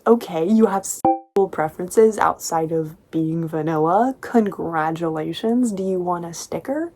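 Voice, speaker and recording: A woman's voice: lowish voice, unhurried, mellow, soft background music. A young woman casually recapping a novel as a book reviewer, with sarcastic, laughing asides.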